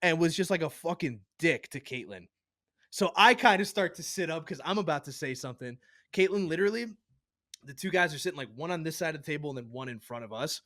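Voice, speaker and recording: A man co-hosting a podcast, telling a story in a casual, animated, profane way and acting out other people's lines. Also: on the high side, quick pace, dry recording, studio quality. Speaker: podcast co-host.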